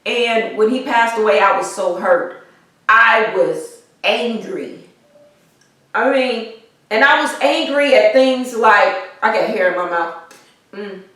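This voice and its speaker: A woman vlogger telling a personal story in a halting way, repeating herself as she talks through grief and pushes on, over a weak microphone. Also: on the high side, fairly bright tone, recorded from a distance. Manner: halting, repeats herself, grieving but pushing on. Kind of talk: personal vlog, emotional storytelling. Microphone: weak built-in microphone. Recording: echoey room, voice off-mic.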